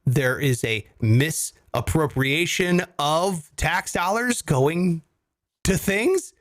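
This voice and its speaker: Slow and somewhat high-voiced, a man co-hosts a finance podcast played for laughs, cracking jokes and swearing casually in an animated way. The recording is dry.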